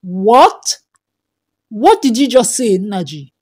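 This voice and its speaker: Woman doing a stern older father-in-law, commanding, animated pitch. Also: slow pace, full character voice.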